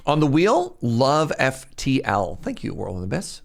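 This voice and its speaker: A man's voice: medium pitch, huge pitch swings, unhurried, creaky. A man streaming live, chatting casually with his viewers in a jokey, talkative way and laughing often.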